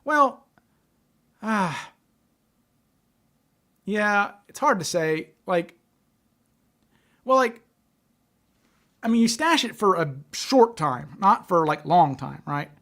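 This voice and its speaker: A man's voice: high-pitched, big pitch swings, slow pace, long pauses, a bit bright. A man hosting a casual livestream, talking in a loose, chatty way, stuttering often and repeating and restarting his words. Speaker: livestream host.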